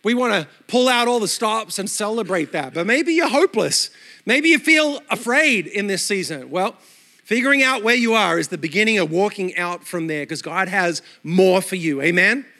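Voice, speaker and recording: High, bright-voiced Australian preacher. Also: male voice, moderate pace. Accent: Australian with some American. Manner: lively and conversational, asks the congregation questions. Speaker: pastor. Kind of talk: sermon. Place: church sanctuary.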